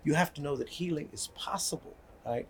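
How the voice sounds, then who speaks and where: Fairly high-pitched and creaky, an older man's voice moves fairly quickly, with a little hiss or hum in the recording. As a guest discussing healing and community, he tells stories earnestly and conversationally, repeats words, and keeps asking "right?"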